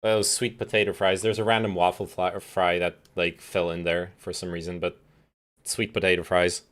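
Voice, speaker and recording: A man's voice: low-pitched, little pitch movement, moderate pace, fairly bright tone. A man livestreaming and reacting to a video, chatting casually, swearing freely, and talking while he eats. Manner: chatty, swears often, laughs, talks while eating. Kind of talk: casual chat.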